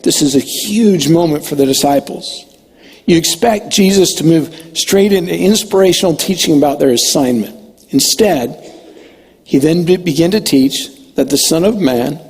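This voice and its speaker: Man, pastor, sermon, emphatic and conversational, husky voice, long hall reverb. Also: fairly high pitch, darkish tone. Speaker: children's pastor.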